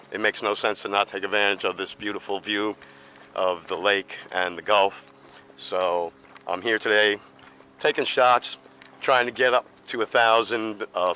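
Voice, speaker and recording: Bright-toned man in his fifties, outdoors. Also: fairly low pitch, smooth, low-quality recording. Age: 50s. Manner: rambling, self-chatting, easygoing. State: slightly out of breath. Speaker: vlogger. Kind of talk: casual outdoor vlog. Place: outdoors on a seaside boardwalk.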